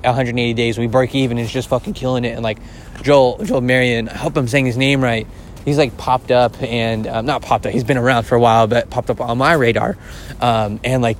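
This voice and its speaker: A man hosting a casual solo podcast, rambling and excitable, swearing often and filling his talk with filler words. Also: mid-range voice, a little hiss or hum. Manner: rambling and profane, heavy use of filler words; excitable, gushing. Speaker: podcast host.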